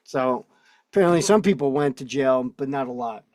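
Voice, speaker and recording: A man's voice: medium pitch, expressive, normal speed, darkish tone, no echo. A man hosting a casual online chat, reading notes aloud and riffing on them with indignation. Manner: rambling, reads text aloud then riffs indignantly. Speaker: host.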